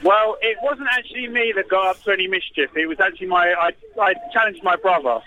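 A man's voice: high voice, quick pace, sharp tone, slight background noise. A man calling in by phone from a festival, talking in a hesitant, laid-back way. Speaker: festival caller. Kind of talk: phone-in chat. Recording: dull phone line.

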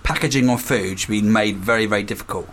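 A man co-hosting a comedy radio show in a studio, riffing absurd ideas in a deadpan way. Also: lowish voice, fast talker. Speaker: radio co-host.

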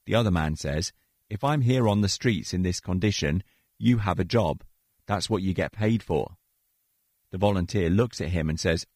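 A man with a very low voice tells a story for a radio show in a dry studio sound. He reads in a measured way and gives the characters' lines a lift in pitch. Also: a little mellow, dry recording. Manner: measured, reading a story and acting out its dialogue. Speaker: radio host.

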